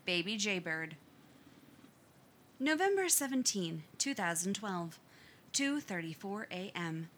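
Brief: female reader of fan fiction, expressive, unhurried, bright tone. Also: mid-range voice, a little hiss or hum. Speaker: story reader. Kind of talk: audiobook narration of fan fiction.

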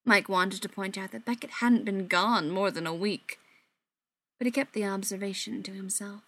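A woman reading audiobook narration in an even, measured way. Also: mid-range voice, no room sound. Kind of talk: scripted narration.

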